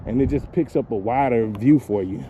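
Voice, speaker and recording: A man's voice: mid-range voice, moderate pace, warm tone, dull audio, slight background noise. A man with kids, vlogging casually while walking outdoors in a lakeside park, filming on a handheld phone, rambling loosely, cursing and laughing at his own jokes. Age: adult with kids. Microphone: handheld phone camera.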